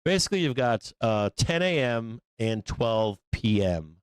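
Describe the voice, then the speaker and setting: Male trading-show host, smooth clear voice, dry close mic, loose and profane, mid pitch. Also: expressive, dry recording. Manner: profane, casual, acts out traders in quick asides. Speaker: stock market show host. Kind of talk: live trading explanation.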